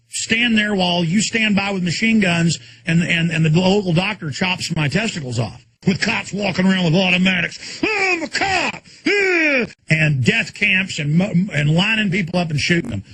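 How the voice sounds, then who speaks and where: A man hosting a talk show, ranting erratically and suddenly exploding into shouts, speaking from a studio full of electronics. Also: sits high, a little hiss or hum.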